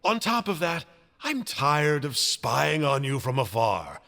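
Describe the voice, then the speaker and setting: Chirpy sly game villain, swoopy lively voice, chatty and polite. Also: male voice, on the high side, slow pace, creaky, exaggerated voice. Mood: cheerful. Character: chirpy cheerful man of a sinister order.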